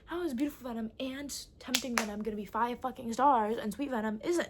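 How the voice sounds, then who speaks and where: Brief: young woman, book vlogger, high-ish voice, excitable and sweary, casual chat. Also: normal speed, slight background noise. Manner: excitable, gushing, swears a lot.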